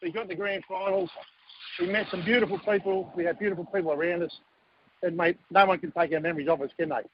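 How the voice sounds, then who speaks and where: High-voiced jokey man. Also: fast, gravelly, lo-fi sound, a little hiss or hum. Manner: jokey, animated storyteller acting out quotes. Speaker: guest, former team manager. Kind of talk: casual storytelling on a radio show.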